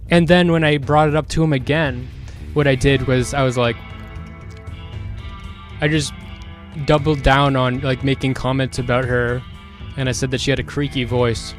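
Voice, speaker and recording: A man streaming and chatting casually, reading out chat comments and rambling through his thoughts with frequent restarts. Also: mid-range voice. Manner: rambling and self-questioning, with many restarts; grows louder and more heated later on.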